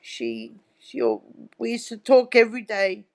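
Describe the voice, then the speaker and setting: Slow, chatty middle-aged woman. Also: fairly high pitch, big pitch swings, vocal fry. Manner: chatty storyteller, tags lines with "right?". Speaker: guest. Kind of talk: casual interview chat.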